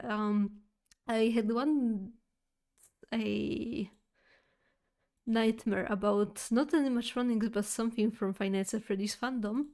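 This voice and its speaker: Slow, rambling woman streamer. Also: a little high, a little mellow. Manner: rambling, filler-heavy, with frequent restarts and giggles. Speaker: streamer talking to chat. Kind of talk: casual chat, telling a nightmare story.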